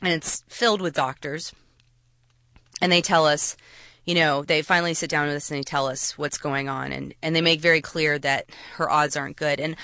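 Woman storyteller, bright and forward voice, dry close sound, halting delivery with restarts. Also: low voice, steady tone, dry recording. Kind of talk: personal storytelling to an audience.

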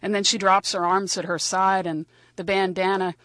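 A woman's voice: mid-range voice, level tone, normal speed, a bit bright, no echo. A woman telling a first-person story in a wry, conversational and vivid way.

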